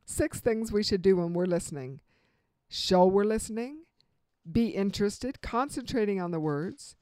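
A woman giving a motivational talk on communication, earnest and expressive, voicing quotes with strong emphasis. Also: mid-range voice, normal speed, no room sound. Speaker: motivational speaker.

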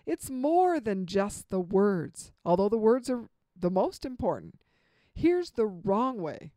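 Lively, expressive woman giving marriage advice. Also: medium pitch, no echo. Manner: expressive, emphatic, lively delivery with dramatic pauses; acts out example dialogue in vivid voices. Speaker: marriage relationship speaker. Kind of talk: spoken lecture on marriage advice.

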